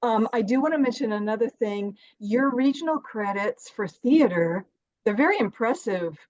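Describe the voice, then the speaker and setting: A woman's voice: fairly high pitch, lively intonation, moderate pace, darkish tone, dry recording, lo-fi sound. A British woman co-hosting an interview, effusive and full of compliments for her guest. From Britain. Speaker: podcast co-host. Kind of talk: casual interview chat.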